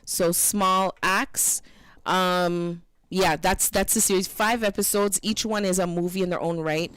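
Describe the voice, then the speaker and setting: A woman co-hosting an internet radio show, chatting casually and telling stories in an animated way. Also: fairly low pitch, a little slow, clear, resonant tone, no room sound.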